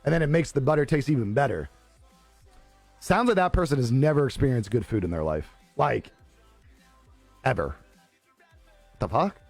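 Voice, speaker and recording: A man's voice: mid-range voice, big pitch swings, normal speed, creaky, long pauses, no echo. A young man live streaming, chatting casually with his viewers, laughing often and swearing easily. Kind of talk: casual chat reading viewer comments. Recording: dry close sound with faint music behind.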